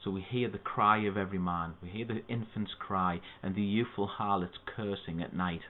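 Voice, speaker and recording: A man's voice: lowish voice, moderate pace, slight background noise. Man teaching a poem over tinny audio. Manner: steady, methodical teaching with spoken asides. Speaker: English literature tutor. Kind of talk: explaining a poem to students.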